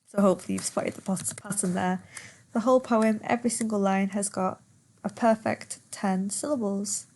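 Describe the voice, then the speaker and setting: A woman's voice: mid-range voice, fairly even intonation, moderate pace, darkish tone, slightly rough. A woman teacher in a poetry lesson who reads verse aloud and patiently repeats words to count their syllables.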